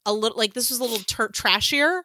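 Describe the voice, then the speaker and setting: A woman's voice: on the high side, fast, bright, forceful tone, no room sound. A woman from Georgia co-hosting a podcast, chatting casually with many fillers and some swearing. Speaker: podcast co-host. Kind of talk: casual chat.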